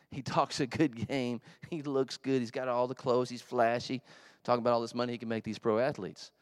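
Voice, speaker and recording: A man preaching a sermon in a church, telling a story in a conversational, animated way with asides to the congregation. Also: mid-range voice, fairly quick, dry recording. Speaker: pastor.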